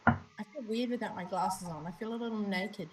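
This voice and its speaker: A woman's voice: mid-range voice, a little fast, recorded from a distance, heavy background noise. A woman with a New Zealand accent co-hosting a live stream, chatting casually and greeting viewers by name. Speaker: livestream co-host. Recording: roomy, from off-mic, faint ambience.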